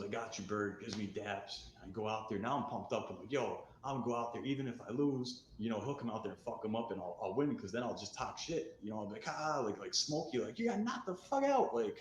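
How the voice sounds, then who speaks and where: A man telling a personal story in a candid, rambling, self-mocking way. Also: on the low side. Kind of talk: recorded storytelling video. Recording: echoey room with faint noise.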